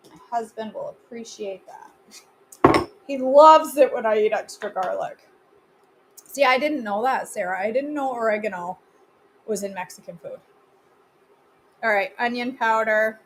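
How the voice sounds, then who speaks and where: A woman's voice: fairly high pitch, unhurried, pauses often, background noise. A woman hosting a live cooking class from her home kitchen, chatting casually and answering viewer comments as she cooks.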